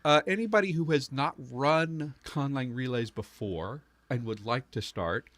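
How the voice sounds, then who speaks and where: A man hosting a casual online group chat, wrapping up and thanking people in a relaxed way. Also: mid-range voice, a little slow. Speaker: host of the relay stream. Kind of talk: casual group video call.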